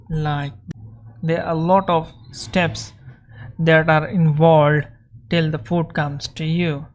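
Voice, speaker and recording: A woman teacher explaining a lesson and reading a story aloud over slides, slowly and carefully. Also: sits low. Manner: slow, explanatory, with restarts.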